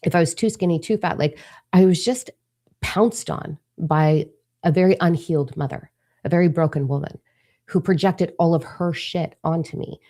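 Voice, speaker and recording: A woman's voice: lowish voice, moderate pace, mellow. A middle-aged woman speaking in a raw, emphatic confessional monologue, swearing freely as she opens up. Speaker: spiritual vlogger. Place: living room.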